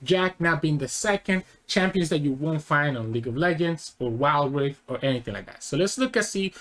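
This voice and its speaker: A man's voice: a little high, lively intonation, fairly quick, a bit bright. A man hosting a casual reaction video, rambling and correcting himself mid-thought. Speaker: channel host.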